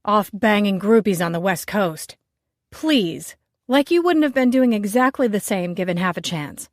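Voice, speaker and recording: A woman's voice: medium pitch, animated, no echo, natural voice. Angry bar co-owner, a man who snarls and leans hard on his words, put on by a female reader; dry, close recording. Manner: loud, slow, snarling emphasis. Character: cranky slick man, bar co-owner, hot-tempered.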